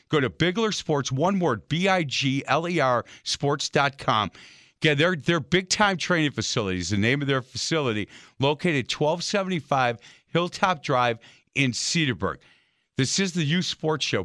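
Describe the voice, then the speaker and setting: A man hosting a sports radio talk show, chatty and fond of telling animated stories. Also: fairly high pitch, no room sound, studio quality. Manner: chatty storyteller, animated anecdotes.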